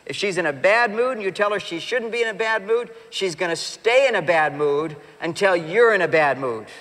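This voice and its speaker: A middle-aged man giving an animated, joking talk about relationships to a live audience, acting out quoted voices. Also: high-pitched, normal speed, a little hiss or hum. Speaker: relationship speaker. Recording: long hall reverb.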